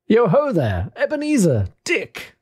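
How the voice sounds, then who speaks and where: A man's voice: high-pitched, huge pitch swings, a little slow, slightly rough, pitched above the performer's own voice, full character voice. A man voicing a jovial, fat old merchant who calls out heartily. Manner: loud, hearty calling out.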